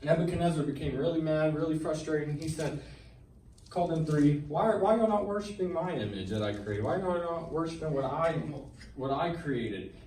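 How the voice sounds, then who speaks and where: A man's voice: on the high side, expressive, brisk, a little mellow. Earnest man testifying in an echoey church. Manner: earnest and colloquial, building in intensity with call-and-response. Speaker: church member giving testimony. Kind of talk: personal testimony and Bible retelling to a congregation. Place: church sanctuary with congregation. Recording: echoey church hall, mic at a distance, faint background noise.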